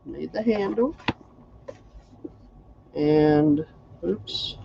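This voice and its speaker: A man's voice: on the high side, drawn-out words, gravelly, mellow, lo-fi sound, slight background noise. A man hosting a casual crafting livestream, chatty and folksy, greeting viewers by name.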